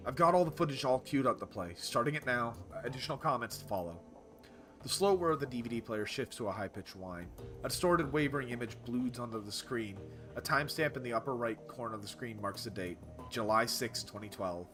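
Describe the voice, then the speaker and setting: A man's voice: mid-range voice, lively intonation, a little fast, fairly bright tone. A man reading a game's text aloud in a narrated playthrough, with wry asides. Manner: wry asides between read lines. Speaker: streamer reading a game aloud. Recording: game music behind voice.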